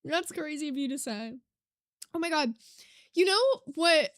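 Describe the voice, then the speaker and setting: A young woman chats casually on her live stream and reads out comments, her voice high and bright. She gets excitable and swears casually, and the sound is close and dry with no room echo. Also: measured pace. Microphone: desk mic.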